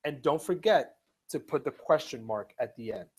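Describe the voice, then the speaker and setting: A man of middle pitch teaches an online English class. He speaks slowly and patiently, going over each rule more than once. He reads example sentences aloud with careful stress. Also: lively intonation, a little mellow, husky. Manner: slow, patient, repeats each point. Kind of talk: live online ESL lesson.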